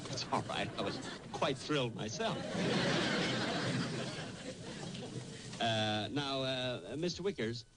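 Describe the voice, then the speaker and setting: A man's voice: medium pitch, lively intonation, moderate pace, lightly acted. A man playing a vain, stingy comedian. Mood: sheepish. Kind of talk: 1940s radio acting. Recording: noisy old radio broadcast.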